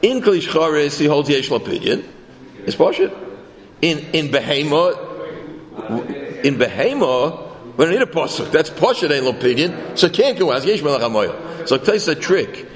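Male Talmud teacher with a lively, questioning delivery, recorded with long room reverb. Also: a little high, fairly quick. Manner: animated, questioning, self-correcting. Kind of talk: Talmud class lecture.

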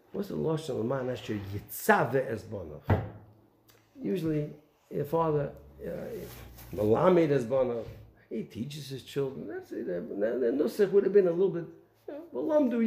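A man giving an animated Torah talk, asking rhetorical questions and telling stories. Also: on the high side, creaky, reverberant. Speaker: Torah teacher.

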